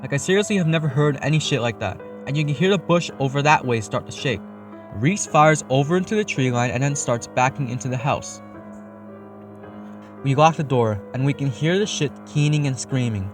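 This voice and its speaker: A man's voice: mid-range voice, lively intonation, brisk. A young man narrating a first-person horror story in a casual, matter-of-fact way, swearing freely. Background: faint eerie background music.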